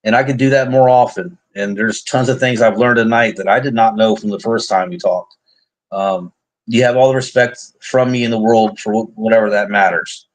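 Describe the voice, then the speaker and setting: Streaming live online, a man with a lowish, steady voice talks about his faith at a moderate pace. The casual, heartfelt chat is earnest and wandering, with many restarts and light jokes, in a low-quality recording.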